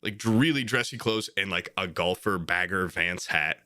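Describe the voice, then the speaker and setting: A man's voice: deep voice, moderate pace, sharp tone, dry recording, clean studio sound. A young man, a podcast co-host, telling a rambling bar story with lots of "like" and acted-out quotes. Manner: rambling, heavy use of "like", acts out quoted voices. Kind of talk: casual storytelling chat.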